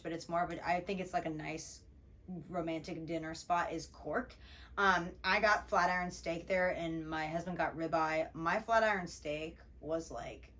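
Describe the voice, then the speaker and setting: A young woman with a slightly low voice chats casually as a travel show co-host. She tells stories in an animated, chatty way. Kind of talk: casual chat.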